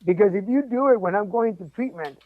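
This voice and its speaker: A high-voiced man, appearing as a podcast guest, shares a personal story with animated energy and a quick sense of humor. The recording is dry and close, coming through a thin, tinny, phone-like line.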